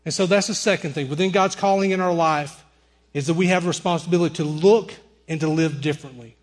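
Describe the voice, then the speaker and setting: Storytelling preacher, a higher male voice. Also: fast. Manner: storytelling preacher, quotes people in softer voices. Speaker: pastor. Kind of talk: sermon.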